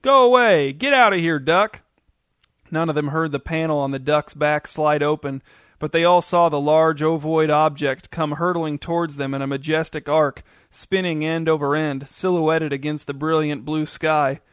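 A man reading a story aloud as narrator, in a steady, descriptive storytelling manner. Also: on the high side, normal speed, clean tone, no echo, clean studio sound.

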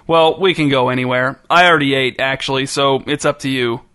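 A man's voice: medium pitch, steady tone, fairly quick, pushed and bright, smooth, lightly acted. A man voicing a curt, irritable male TV host in a storybook reading. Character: grumpy, impatient male TV host.

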